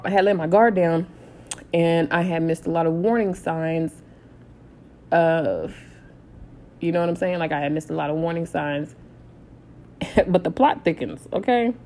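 A woman in her thirties telling a personal story in a casual, animated way, blunt and swearing freely. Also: fairly low pitch. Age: 30s. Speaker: storytime vlogger.

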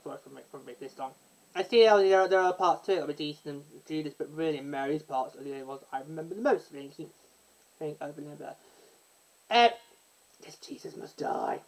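A woman's voice: low voice, animated, quick pace, rough recording. A woman hosting a casual chat show, rambling and restarting her sentences as she talks through a musical she loves. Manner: rambling, self-interrupting, breaks into sung snippets. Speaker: podcast host.

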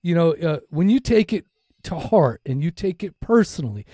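A man's voice: on the high side, expressive, normal speed, dark tone, breathy edge, no echo, studio quality. A middle-aged man with a Minnesotan accent, co-hosting a recovery podcast in casual, blunt, heavily profane talk. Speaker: podcast co-host.

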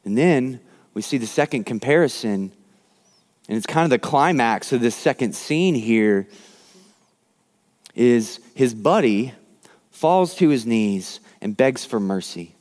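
Animated male preacher in a reverberant hall. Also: medium pitch, a little slow, long pauses. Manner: animated storytelling, acts out quoted lines. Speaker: pastor. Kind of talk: sermon.

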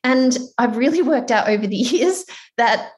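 A woman with an Australian accent leads an online workshop over a video call, her voice sitting a little on the high side. She talks in a chatty, encouraging way, animated and warmly rallying her listeners. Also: normal speed. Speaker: workshop presenter.

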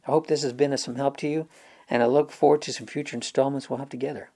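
A man's voice: medium pitch, fairly even intonation, fast, warm tone. A man hosting a self-help talk, telling a personal story in an earnest, conversational way and guiding viewers through an exercise. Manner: earnest, conversational, retells dialogue with restarts. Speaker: self-help video host.

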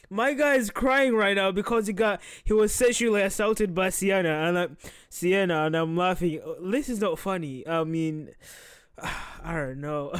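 A man's voice: high-pitched, animated, normal speed, clear, resonant tone, no echo, clean studio sound. A man hosting a podcast, reacting casually to a video, laughing often and swearing, torn between amusement and unease.

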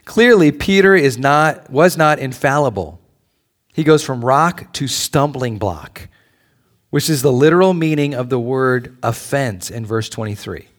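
A middle-aged man, a pastor, preaching a conversational sermon in a church, swinging between loud pleas and soft asides. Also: mid-range voice, animated, measured pace.

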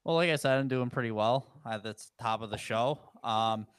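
A man's voice: medium pitch, moderate pace, clean tone, dry recording. A man co-hosting a hockey podcast, telling vacation stories in a chatty, joking way. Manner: chatty storyteller, relaxed and joking. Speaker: podcast co-host. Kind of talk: casual chat.

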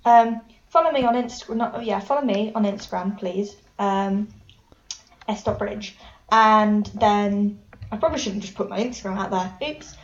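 A woman's voice: mid-range voice, moderate pace, dull audio. A woman in her late teens from England co-hosting a casual podcast, giggly and self-deprecating. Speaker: podcast co-host. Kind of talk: casual chat.

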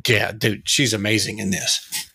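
A man co-hosting a casual movie review podcast, enthusiastic and quick to laugh. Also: on the low side, little pitch movement, vocal fry, pushed and bright, slightly rough, no room sound. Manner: enthusiastic, laughs often, says "dude". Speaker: podcast co-host.

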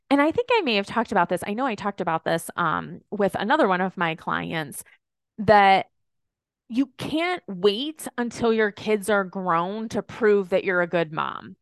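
A woman's voice: medium pitch, no echo, clean studio sound. A woman in her thirties hosting a solo podcast, talking in a chatty, rambling way full of "like"s and asides. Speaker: podcast host and business coach.

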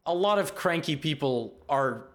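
A man, a guest in a casual chat, rambling and repeating himself in quick bursts. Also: a little high, expressive, very noisy. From United States.

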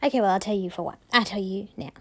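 A woman's voice: mid-range voice, fast, fairly bright tone. A woman hosting a casual solo podcast, telling a story in a chatty, enthusiastic way. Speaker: podcast host.

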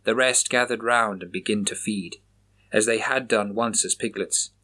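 A man reading a horror story aloud in a measured, grave manner. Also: on the low side, sharp tone. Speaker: narrator.

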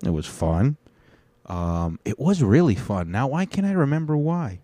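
A man's voice: mid-range voice, big pitch swings, measured pace, warm tone, no room sound. A young man, a comedian, casually rambling through a profane, boastful recap of his week. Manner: profane, digressive, swaggering.

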